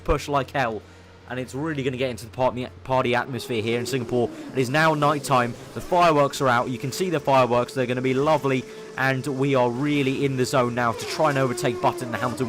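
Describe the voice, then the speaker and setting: A young man giving eager play-by-play commentary over his own racing game, getting excitable when he overtakes. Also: mid-range voice. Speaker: gaming commentator.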